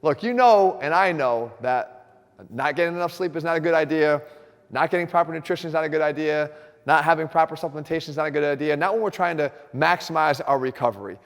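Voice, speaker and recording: Brief: direct, energetic male coach, slightly high voice, long echo from the gym. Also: fast. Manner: direct, energetic, talks straight to viewers. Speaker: fitness coach host. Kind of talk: instructional fitness video. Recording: reverberant gym room.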